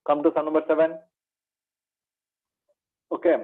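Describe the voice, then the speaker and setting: Here the Indian English-accented maths teacher's fairly high voice is completely flat, moving at a moderate pace. Through tinny online lecture audio, he quizzes and then answers himself while revising for exams, calling everyone "my dear."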